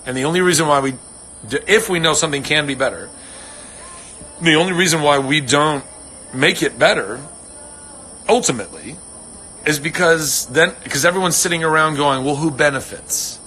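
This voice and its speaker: A man's voice: on the high side, normal speed, pauses often, bright, forceful tone, slight background noise. A man hosting a casual livestream, rambling earnestly and swearing freely as he answers fans. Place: home on a ranch.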